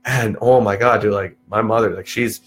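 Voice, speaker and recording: Animated young man telling stories. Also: on the low side, moderate pace. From Texas, USA. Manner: animated storyteller, swears freely, peppers talk with "dude". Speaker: podcast guest. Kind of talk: casual chat.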